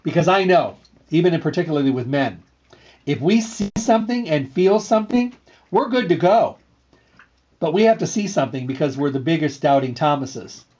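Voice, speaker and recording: A middle-aged man hosting a health show, telling a story in an earnest, repetitive way with lively energy. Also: on the high side, normal speed. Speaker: radio show host and health food store owner. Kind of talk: casual storytelling monologue. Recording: slightly dull, lo-fi sound.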